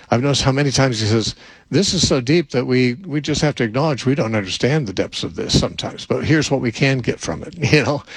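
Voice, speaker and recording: An older man, a Bible teacher, answering a question in thoughtful unscripted talk with frequent restarts and a slightly husky voice. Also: medium pitch, no room sound, poor audio.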